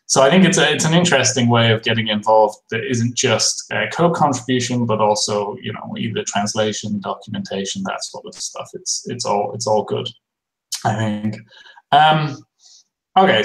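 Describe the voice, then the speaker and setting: A man's voice: medium pitch, creaky. A man hosting a casual interview over a video call, chatty and rambling with plenty of fillers. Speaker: host. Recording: roomy echo.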